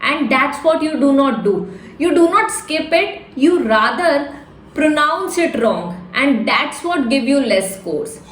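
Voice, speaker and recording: A woman's voice: high-pitched, expressive, slow, a bit bright, a little hiss or hum. A woman with an Indian English accent, teaching exam tips in a direct, emphatic way that repeats key points. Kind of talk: instructional talk to camera. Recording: echoey room, faint ambience.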